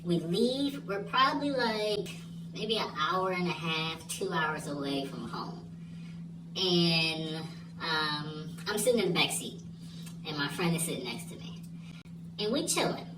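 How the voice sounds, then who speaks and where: Animated young man telling a story. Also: fairly high pitch, a little slow, recorded from a distance. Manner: animated, laughing, checks in with the listener. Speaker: vlogger. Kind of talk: casual storytime monologue. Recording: echoey room, voice off-mic, clear hum. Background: steady hum.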